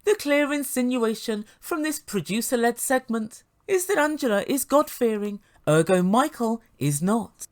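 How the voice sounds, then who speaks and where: A woman's voice: fairly high pitch, expressive, moderate pace, hardly any pauses. Sarcastic woman reviewing reality TV. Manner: sarcastic, mimics the people she quotes. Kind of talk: commentary.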